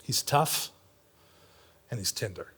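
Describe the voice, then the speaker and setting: A middle-aged man preaching a sermon in a church, swinging between loud, pressing lines and hushed, near-whispered ones. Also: fairly low pitch, lively intonation, slow, husky. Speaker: pastor. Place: church sanctuary.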